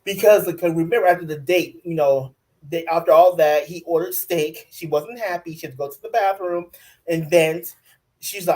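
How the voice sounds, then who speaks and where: A man co-hosting a casual TV recap chat, talking in an animated way, laughing often and repeating himself. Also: a little high, normal speed. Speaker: podcast co-host.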